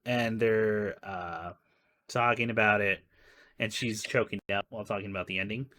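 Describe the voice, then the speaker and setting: Male podcast co-host, bright tone, laughs and swears through relaxed movie chat. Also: lowish voice, normal speed. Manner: laughing, profane storyteller. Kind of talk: casual movie-review chat.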